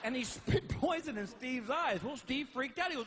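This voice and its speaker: A man doing stand-up comedy on stage, telling animated stories with shouted outbursts. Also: extremely high pitch, normal speed. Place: stage before a live audience.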